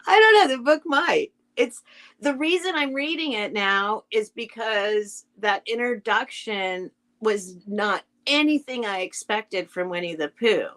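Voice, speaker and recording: A woman's voice: medium pitch, fairly bright tone. A woman hosting a casual live stream, reading a children's book aloud and chatting with her viewers in a rambling, sentimental way. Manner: sentimental, gets emotional over the text.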